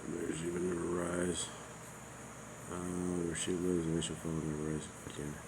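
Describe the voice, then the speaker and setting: Deep, gravelly man joking while proofreading. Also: little pitch movement, background noise. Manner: joking, quick remarks between confirmations. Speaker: proofreader checking along. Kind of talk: casual back-and-forth checking.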